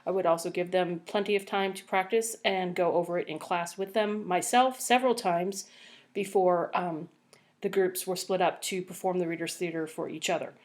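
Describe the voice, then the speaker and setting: A woman teacher explaining a lesson plan and reading a story aloud to her class with expressive storytelling. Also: normal speed. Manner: expressive storytelling with lively pitch. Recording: echoey room from a distance.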